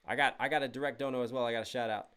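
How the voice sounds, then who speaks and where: Talking very fast in a clean, medium-pitched voice with fairly even intonation, a young man runs a casual livestream. He reads donations and chat messages aloud and hypes up his viewers with enthusiastic shout-outs, despite sounding slightly worn out.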